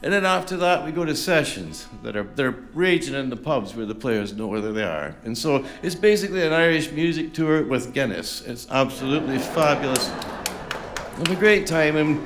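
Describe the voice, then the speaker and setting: A folk singer-songwriter chats between songs at a live concert, rambling and poking fun at himself with lots of fillers. His voice is fairly high, animated and a bit bright, at a normal speed, picked up on a stage microphone with faint music in the background.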